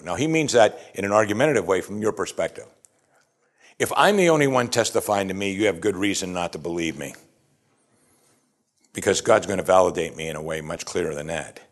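A man preaching a sermon, emphatic and animated, asking his listeners rhetorical questions. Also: low voice, a little fast. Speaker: pastor.

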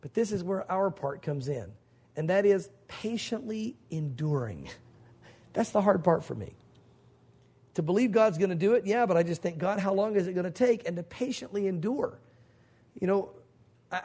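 A man's voice: high-pitched, a little mellow, slightly rough. A middle-aged male pastor preaching an evening sermon, emphatic and conversational, acting out quoted speech. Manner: emphatic, acts out God's voice in quotes.

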